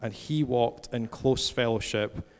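Male preacher in his 40s, conversational storyteller, mid-pitched voice, long hall echo. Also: unhurried. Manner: conversational storytelling with scripture reading. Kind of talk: sermon. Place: church hall. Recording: long church-hall reverb.

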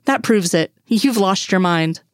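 A woman's voice: mid-range voice, expressive, no room sound, studio quality, lightly acted. A woman reading a sardonic male agent. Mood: indignant. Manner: teasing, quick to snap back. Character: wry, sardonic male FBI agent, adult.

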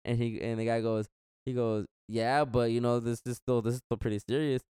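A young man rambles through a story in a casual chat, slipping in slang and acting out each back-and-forth. His voice sounds smooth and clear at a middle pitch. The sound is close and dry. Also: flat delivery, brisk, dark tone, no room sound. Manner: rambling, slangy, acts out quotes.

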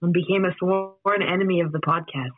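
A man who is a podcast guest, joking in a dry, deadpan way over a remote call. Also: sits high, brisk. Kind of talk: casual podcast chat. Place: at home in Canada. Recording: tinny phone-like remote call.

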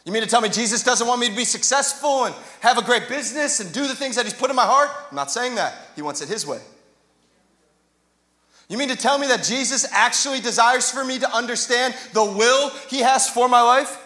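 Male pastor, higher voice, chatty sermon with bursts of passion, roomy church sound. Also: brisk, sharp tone. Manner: conversational preaching with jokes, rising to passionate emphasis. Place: church sanctuary. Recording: echoey hall reverb.

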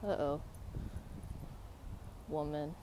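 A woman around thirty talks slowly and loosely into a phone while walking outdoors in a park. Her voice is mellow and relaxed, her asides are wry and self-mocking, and faint outdoor noise sits behind her. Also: deep voice. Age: 30s. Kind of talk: casual vlog while walking a dog.

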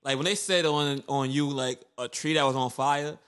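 A man's voice: medium pitch, fairly even intonation, normal speed, a bit bright. A man chatting casually on a podcast, telling stories animatedly and acting out other people's lines. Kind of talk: casual podcast chat, storytelling.

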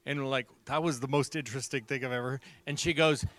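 A man preaching, telling a story with lively acted-out dialogue. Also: mid-range voice, quick pace. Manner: animated storyteller, acts out dialogue. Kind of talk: sermon storytelling.

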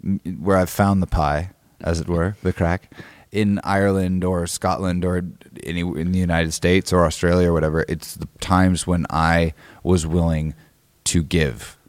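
Deep male guest, rambling anecdote with lots of fillers and restarts, dry close sound. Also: flat delivery, normal speed, no echo. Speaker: guest musician. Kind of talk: casual storytelling interview.

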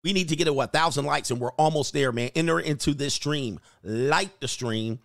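A man's voice: on the high side, normal speed, vocal fry, no echo, clean studio sound. A man hosting a casual livestream, joking and reading news stories aloud in slangy talk. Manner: loud, joking, slangy, reads articles aloud. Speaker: livestream host.

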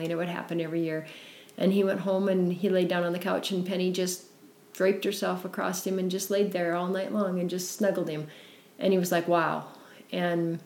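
A middle-aged woman telling her story in an interview, earnest and warm, with frequent fillers. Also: lowish voice, roomy sound. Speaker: guest, founder of a service dog foundation.

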